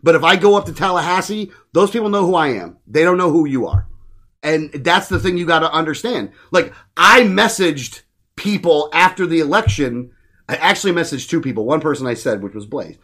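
A man's voice: fairly high pitch, animated, brisk, a bit bright. Blunt profane man ranting on a podcast. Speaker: podcast host. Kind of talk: casual political podcast chat.

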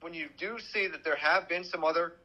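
A man's voice: fairly high pitch, fairly quick, bright, forceful tone, muffled recording. A man who works as a news reporter, talking on a podcast and recounting events in a direct way. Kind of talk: conversational true-crime podcast.

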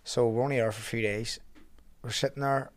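Man, belfast accent, young, casual podcast chat, lively swearing storyteller, mid pitch. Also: fairly quick. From Northern Ireland. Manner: animated storytelling, heavy swearing. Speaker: podcast guest, boxer.

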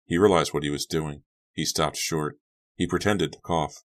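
A man narrating an audiobook in an even, measured storytelling voice. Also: a bass voice.

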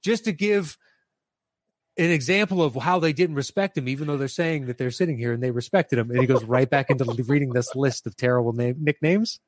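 A man in casual conversation, swearing freely as he relives favorite scenes from a TV comedy. His voice sits at a middling pitch and sounds close and dry, with no room around it. He slips into bits of the characters' lines as he talks. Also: a little fast, no echo. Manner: animated, acts out quoted lines, swears. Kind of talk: casual chat about a TV show.

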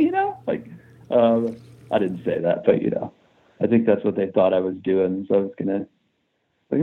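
A man's voice: on the low side, huge pitch swings, moderate pace, vocal fry, breathy edge, highs cut off. A man from Kansas, a musician guest on a podcast, telling stories in a rambling, profane, self-deprecating way with many restarts. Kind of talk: casual storytelling chat.

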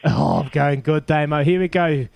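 A man's voice: fairly high pitch, moderate pace, gravelly. A man with a New Zealand accent hosting a radio call-in quiz, upbeat and bantering as he counts down the answers. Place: radio studio.

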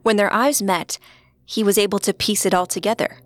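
A woman narrating a scripted true-crime story as podcast co-host, in a steady storytelling delivery. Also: mid-range voice, a little fast.

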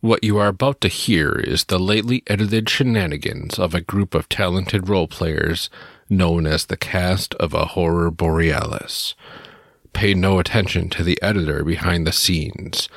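Deep, gravelly man announcing. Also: fairly bright tone, no echo, studio quality. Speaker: show announcer. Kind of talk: scripted announcer intro.

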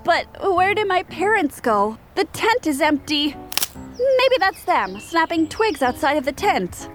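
A woman's voice: very high-pitched, sing-song, measured pace, faint music behind, full character voice. A woman voicing a timid young male snake who scares easily, in a children's audio story. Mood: nervous. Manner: jumpy, nervous, easily frightened.

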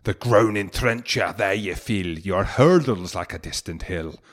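A man's voice: low voice, voice pushed down. An Englishman putting on a broad Scottish poetry reciter. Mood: mock-solemn. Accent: put-on Scottish. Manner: slow, broad, theatrical declaiming. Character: man doing a hammed-up old Scottish poetry recital.

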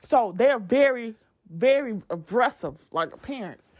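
A young woman hosts her podcast in a loose, chatty way, speaking straight to her listeners. Her voice sits fairly high and swoops widely as she talks. She restarts sentences often and rambles from point to point. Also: a little slow, muffled recording. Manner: chatty and animated, addresses listeners directly, frequent restarts. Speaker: podcast host. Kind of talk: casual chat.

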